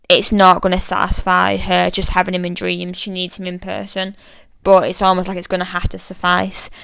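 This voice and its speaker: A woman's voice: lowish voice, creaky, fairly bright tone, clear, resonant tone, dry recording, low-quality recording. A British woman giving a casual, thoughtful analysis of a poem, chatty and full of fillers. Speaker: literature explainer.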